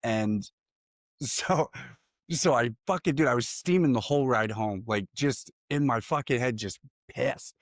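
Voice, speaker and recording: A man's voice: medium pitch, unhurried, no room sound, studio quality. A man telling a personal story in a casual podcast chat, candid and profane, laughing often. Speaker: podcast co-host.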